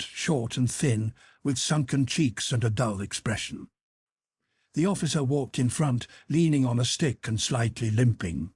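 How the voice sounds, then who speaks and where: A man reading a classic novel aloud as an audiobook narrator, expressive and dramatic. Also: mid-range voice, slightly rough, dry recording, studio quality. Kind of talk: scripted narration.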